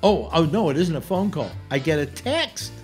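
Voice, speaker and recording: A man's voice: a little high, very animated, moderate pace, a little mellow, faint music behind. Rambling, stammering male host. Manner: rambling, stammering restarts, blunt. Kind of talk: casual political chat.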